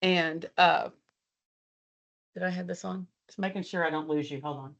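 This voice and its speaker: A woman's voice: lowish voice, moderate pace, gravelly, a bit bright, dull audio. A woman country singer from Texas, telling stories casually in an interview and acting out conversations, talking over a video call while she walks around her house. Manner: chatty, laughing, swears, acts out dialogue. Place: at home, walking around the house. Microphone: video call from a laptop.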